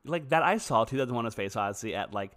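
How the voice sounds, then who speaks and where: A man's voice: mid-range voice, expressive, quick pace, a bit bright. A young man co-hosting a podcast in casual chat, laid-back and blunt, cracking crude jokes. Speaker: podcast co-host.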